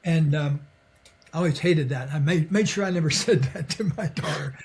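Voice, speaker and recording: An older man talks in an easy, reflective way, a guest on a podcast telling stories from his life and work. His voice sits a little high for a man, and he chuckles often and slips into the voices of the people he quotes. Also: moderate pace, a little mellow. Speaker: podcast guest, psychologist and author. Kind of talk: relaxed conversational storytelling.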